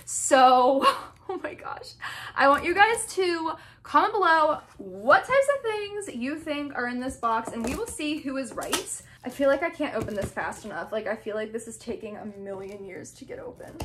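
Young woman, bright high voice, excited vlog chatter, gushing and breathless; faint noise in the background. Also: normal speed, hardly any pauses. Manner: gushing, breathless, keeps repeating "oh my gosh". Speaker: vlogger opening fan mail.

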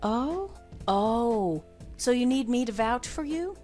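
Game neighbor lady, motherly, nosy, chatty, higher voice. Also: lively intonation, slow pace, soft background music. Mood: friendly. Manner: warm, chatty and gently prying. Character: friendly, motherly, nosy female neighbor with a dog. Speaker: game character voice. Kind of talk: video game voice acting.

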